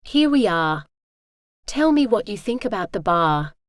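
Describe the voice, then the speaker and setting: A woman's voice: medium pitch, very animated, measured pace, no room sound, studio quality. A woman voicing a charming young Texan hotelier. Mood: friendly. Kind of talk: audiobook character voice.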